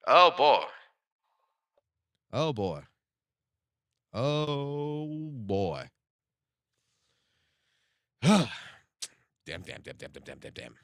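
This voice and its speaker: A man hosting a live stream, chatting casually and excitably with plenty of profanity, straight to his chat. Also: mid-range voice, very slow, pauses often, dry recording, studio quality. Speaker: livestream host. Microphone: studio streaming mic.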